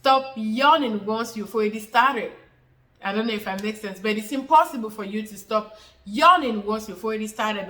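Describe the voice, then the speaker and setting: Woman, bright forceful voice, slightly high, informal explainer, repeats points, lots of fillers. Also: poor audio. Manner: repetitive, restates points, many fillers. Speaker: health educator answering questions. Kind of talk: informal explanatory talk to camera.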